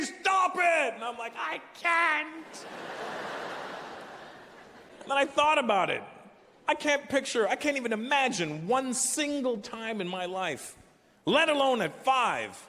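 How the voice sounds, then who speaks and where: A man in his forties performing a stand-up comedy set, telling stories animatedly with profanity and loud punchlines. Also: high voice, slight background noise. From Canada. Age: 40s. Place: large live venue. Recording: echoey hall with live crowd ambience.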